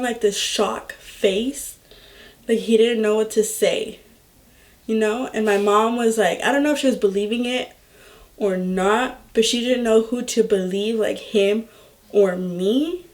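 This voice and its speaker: A young woman vlogger telling a personal story in a slow, halting way, full of filler words. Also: mid-range voice, darkish tone. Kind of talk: storytime vlog.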